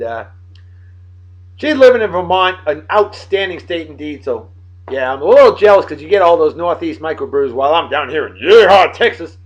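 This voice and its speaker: A man's voice: sits high, dull audio. A man in his late thirties from Martha's Vineyard, hosting a casual beer-tasting vlog in a boisterous, jokey, self-hyping way. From Martha's Vineyard, Massachusetts. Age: late 30s. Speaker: host of a beer-of-the-day show.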